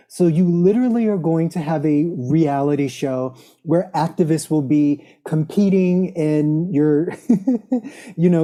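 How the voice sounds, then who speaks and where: Low, slow-speaking female podcast co-host. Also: warm tone. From United States. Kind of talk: casual chat.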